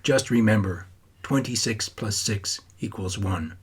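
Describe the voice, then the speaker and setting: A troubled teenage boy writes home to his grandfather, earnest and wistful, as a man reads him. The voice sits low and husky, with an audiobook plainness. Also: unhurried. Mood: urgent.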